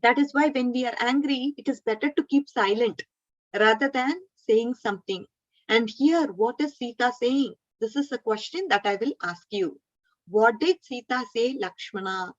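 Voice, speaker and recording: A woman teacher tells a story to a class of children, stopping often to quiz them. Her voice sits high and sounds close and dry. The recording is slightly dull and lo-fi. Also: normal speed, dry recording. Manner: asks the class frequent questions; gently scolds a student.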